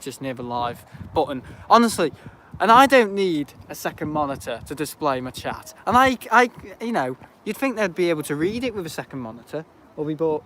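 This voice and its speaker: A man with a fairly high-pitched voice talks loosely into a tablet while streaming outdoors. He rambles and laughs often between remarks. Faint outdoor traffic noise sits under his voice. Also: a bit bright. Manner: rambling, chatty, laughs often, reads out chat. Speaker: planespotting livestreamer. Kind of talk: casual live-stream chat. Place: outdoors at an airport viewing park in the rain. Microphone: handheld tablet.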